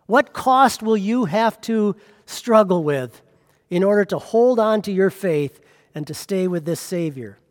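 A man's voice: high voice, big-room sound. A man preaching a sermon as pastor, pressing with rhetorical questions.

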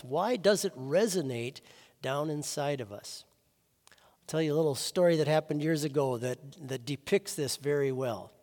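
Male pastor, earnest sermon delivery with loud peaks and soft drops, slightly high voice, reverberant church. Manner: earnest preaching, swings from loud emphasis to soft low phrases.

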